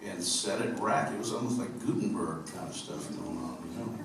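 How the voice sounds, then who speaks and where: A man's voice: deep voice, moderate pace. A man from upstate New York, a singer-songwriter telling humorous, rambling stories between songs on a theater stage. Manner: rambling, humorous storytelling with fillers. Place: theater stage at a live concert. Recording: echoey, distant live theater recording with noise.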